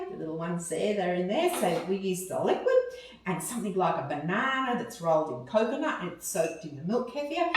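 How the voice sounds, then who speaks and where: A woman's voice: on the low side, background noise. Chatty Australian woman in an echoey room. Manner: chatty, cheerful, explains step by step. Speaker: cooking video host. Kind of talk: casual food demonstration. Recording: very echoey room, mic far off.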